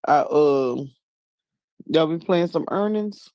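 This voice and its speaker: A woman in casual chat, telling funny stories with lots of laughs and bursts of high-pitched voices for the people she quotes. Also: takes it slowly, no echo, highs cut off. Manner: animated storyteller, laughs often, jumps into high voices for quotes.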